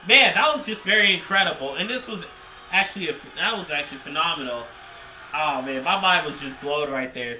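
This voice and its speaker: A man reviewing a wrestling show in casual recap style, excitable and rambling, repeating himself. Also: medium pitch, reverberant, a little hiss or hum, rough recording.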